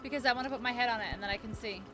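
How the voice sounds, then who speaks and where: A woman's voice: a little high, very fast, low-quality recording. A young woman playing a co-op game with a friend, playfully describing what she sees on screen. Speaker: guest gamer. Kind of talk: casual co-op gameplay chat. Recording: game music behind voice.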